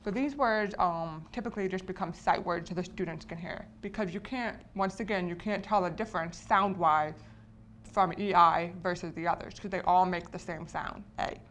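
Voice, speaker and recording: A woman's voice: on the low side, normal speed, fairly bright tone, slight background noise. A woman explaining spelling patterns to teachers in a patient lesson, often checking in with the listeners. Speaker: teacher educator.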